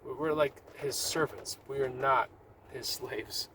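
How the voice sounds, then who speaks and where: A man's voice: mid-range voice, steady tone, measured pace, sharp tone, slight background noise, rough recording. A man talking casually but urgently about his faith to the camera while sitting in a car, with rambling restarts. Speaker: Christian vlogger.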